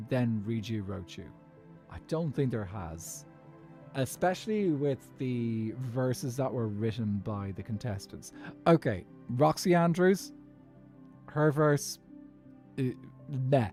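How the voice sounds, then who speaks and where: Here a man from Ireland streams Minecraft, chatting loosely with his viewers and reading their messages while he plays. His medium-pitched voice sounds a little mellow, and he laughs frequently as he rambles.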